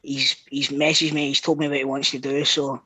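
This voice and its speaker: A Scottish man co-hosting a podcast, telling stories in a casual, sweary, animated way. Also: mid-range voice, a little fast, husky, dry recording, rough recording. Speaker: podcast co-host. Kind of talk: casual storytelling.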